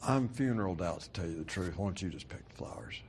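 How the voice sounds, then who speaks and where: An actor playing a weary oilman arranging a funeral, speaking in a dry, deadpan way. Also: sits low, fast talker, slight background noise. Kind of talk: TV drama dialogue.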